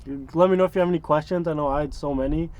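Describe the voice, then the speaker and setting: Rambling young man, slightly high voice. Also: fairly even intonation, racing, a little mellow, lo-fi sound. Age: 20s. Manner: rambling, filler-heavy, chuckles as he talks. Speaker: interviewee, van dweller. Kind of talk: casual storytelling.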